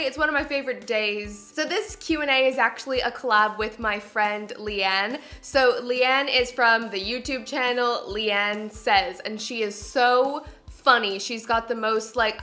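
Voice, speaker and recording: A young woman from Canada in her twenties, chatting to camera for her vlog and telling embarrassing stories with lots of giggles. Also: a little high. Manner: giggly, animated storytelling. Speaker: beauty vlogger. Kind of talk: casual chat to camera.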